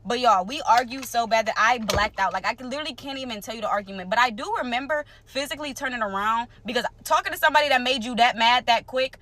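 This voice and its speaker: A young woman telling viewers a personal story in casual vlog talk, animated and direct, acting out what others said. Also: fast talker, hardly any pauses, a little hiss or hum. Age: young adult. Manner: animated, talks straight to viewers, acts out quotes; wide swings in pitch and loudness. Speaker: storyteller vlogger.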